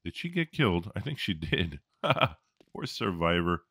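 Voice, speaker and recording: A man's voice: low voice, big pitch swings, a little slow, a bit bright, breathy edge, dry recording. A man commentating his own gameplay, reacting, joking and swearing as he fights. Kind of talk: let's-play commentary.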